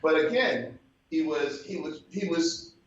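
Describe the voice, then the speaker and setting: A man's voice: fairly high pitch, lively intonation, a little slow, slight background noise. An older man from Brooklyn, New York, who is a guest telling a story in a conversation and often mimics other people's voices. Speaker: guest musician. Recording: slightly muffled, roomy recording.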